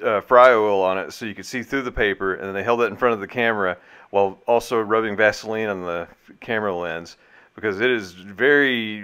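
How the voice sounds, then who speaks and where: A man's voice: on the low side, a bit bright, smooth. A man co-hosting a reaction video, joking in a dry, casual way. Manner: dry, jokey. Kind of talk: casual commentary.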